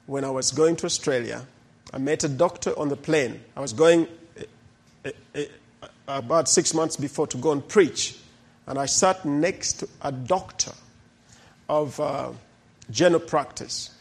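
A man's voice: fairly high pitch, unhurried, pauses often, slightly rough. A middle-aged man, a pastor telling stories in a sermon and acting out the people in them. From Uganda. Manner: animated storyteller who acts out the people in his stories. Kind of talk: sermon testimony storytelling.

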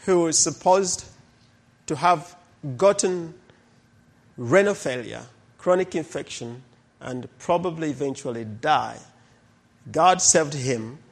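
A middle-aged man, a pastor telling stories in a sermon and acting out the people in them. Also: on the high side. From Uganda. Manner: animated storyteller who acts out the people in his stories. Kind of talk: sermon testimony storytelling.

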